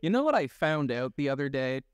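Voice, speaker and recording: A man's voice: medium pitch, brisk, clear, resonant tone, no room sound, studio quality. A young man and voice actor, co-hosting a casual comedic chat, rambling through stories and laughing often. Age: young adult. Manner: animated, laughing, rambling storyteller. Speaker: podcast co-host and voice actor.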